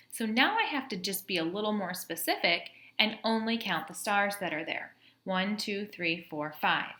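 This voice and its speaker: A woman's voice: medium pitch, animated, moderate pace, sharp tone. A woman teacher patiently walking students through a math lesson, counting aloud step by step. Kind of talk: classroom math lesson video. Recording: echoey room.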